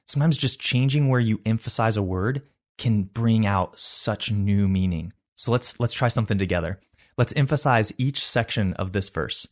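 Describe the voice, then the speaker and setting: A man's voice: lowish voice, moderate pace. A man hosting a devotional Bible study, talking in an earnest, reflective and conversational way.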